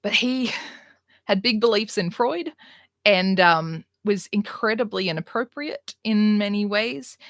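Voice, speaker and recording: A woman's voice: medium pitch, a little slow, a bit bright, dry recording, studio quality. Blunt, sarcastic woman streaming. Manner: blunt, sarcastic, candid, swears freely. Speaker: livestream host. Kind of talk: casual livestream chat.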